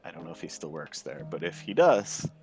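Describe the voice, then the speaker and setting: A man's voice: low-pitched, big pitch swings, fairly quick, a little mellow. A man in casual chat, laid-back, swearing often and laughing a lot.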